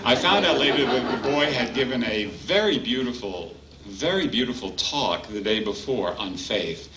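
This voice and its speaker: A man speaking at a retreat, telling a personal story in a halting, heartfelt way with many pauses. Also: medium pitch, expressive. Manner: halting, warm reminiscing with frequent pauses. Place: retreat hall. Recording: roomy hall, distant mic, faint background hum.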